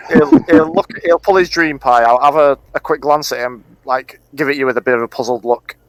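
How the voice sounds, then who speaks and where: A man's voice: mid-range voice, animated, fairly quick, gravelly, no room sound, rough recording. A man playing a tabletop game, chatty and good-humoured. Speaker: player. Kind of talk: casual tabletop play.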